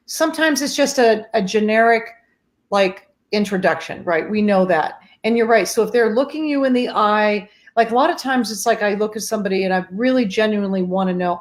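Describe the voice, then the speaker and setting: A woman's voice: mid-range voice, a little fast. A middle-aged woman hosting a casual live-stream chat, earnest and speaking directly to her viewers. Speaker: host.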